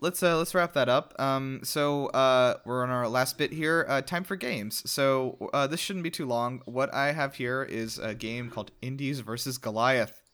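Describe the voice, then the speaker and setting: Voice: mid-range voice, a little slow, few pauses, fairly bright tone, smooth. A podcast host talking casually and leading a game segment, with loose, rambling phrasing. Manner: loose, hesitant, lots of fillers.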